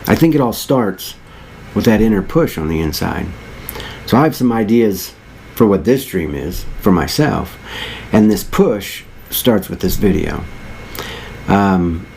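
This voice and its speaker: A man's voice: fairly low pitch, expressive, a little slow, gravelly, darkish tone, a little hiss or hum. A man in his thirties telling a personal story in an earnest, reflective way, rambling and restarting as he goes. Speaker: motivational vlogger.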